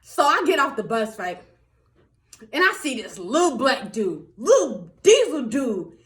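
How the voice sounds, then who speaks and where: A young woman tells a story straight to her viewers in a chatty vlog, high-pitched and swinging all over her range. She laughs often and keeps calling them y'all. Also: very animated, a little slow. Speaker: vlogger.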